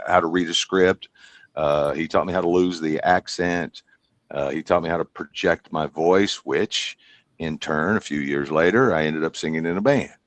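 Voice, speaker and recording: A man's voice: low-pitched, dry recording. A man in his fifties from Kentucky, telling stories casually as a podcast guest, chatty and rambling. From Kentucky, USA. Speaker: podcast guest, comedian and hypnotist. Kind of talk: casual storytelling interview.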